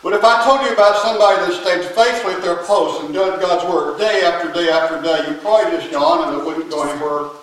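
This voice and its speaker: Male preacher, slightly high voice, emphatic sermon delivery with pauses and quiet drops, distant mic in a strongly echoing church. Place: church sanctuary.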